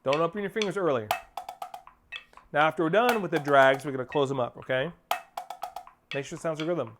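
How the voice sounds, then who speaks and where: A man with a slightly high voice coaches drum rudiments, counting off and scatting rhythms with firm instructions. Loud percussion plays along under his voice. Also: brisk, long pauses, over music. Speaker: percussion teacher. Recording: spoken over loud percussion playing.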